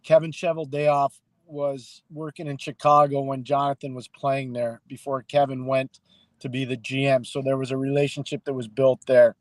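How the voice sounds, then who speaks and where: A middle-aged man co-hosting a hockey podcast, talking casually and telling stories with lively acted-out quotes. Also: medium pitch, moderate pace, no room sound. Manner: animated storyteller, acts out quoted people. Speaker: hockey analyst and podcast co-host.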